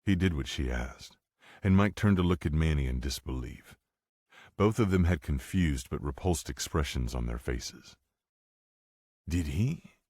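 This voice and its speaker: A man narrating an audiobook in a steady, matter-of-fact way. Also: rumbling low, measured pace, breathy edge, dry recording, studio quality. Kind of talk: scripted narration.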